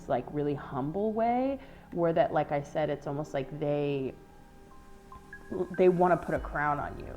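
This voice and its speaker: Her low-pitched, darkish voice guides a casual tarot reading for viewers. The reader rambles earnestly and emotionally, peppering her talk with "like" and casual swears.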